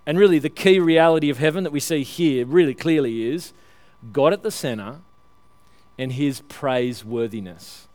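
A man's voice: a little high, moderate pace, darkish tone, dry recording. A man preaching a conversational sermon, often restarting his phrases and laughing lightly as he explains.

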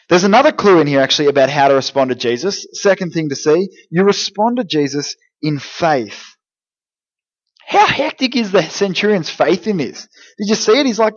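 A man giving a lively, jokey youth group talk, speaking straight to teenagers. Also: sits high, normal speed, lo-fi sound. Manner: energetic, jokey, direct address to teens. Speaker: youth pastor.

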